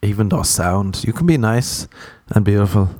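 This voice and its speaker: A man's voice: fairly low pitch, lively intonation, normal speed, darkish tone, no echo. An Irish man doing stand-up comedy, ranting and swearing, acting out little voices in his stories. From Ireland. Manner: profane, ranting, acts out voices.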